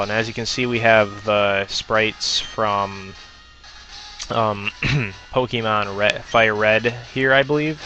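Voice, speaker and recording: A man's voice: on the low side, fairly even intonation, slow pace, sharp tone, muffled recording, soft background music. A man giving casual gameplay commentary, hesitant with lots of ums and self-corrections. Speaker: let's player.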